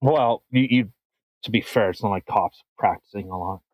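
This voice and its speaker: A man co-hosting a podcast, ranting casually with swearing and halting restarts. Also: on the low side, a little mellow, no echo, poor audio. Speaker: podcast co-host. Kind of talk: casual comedic political chat.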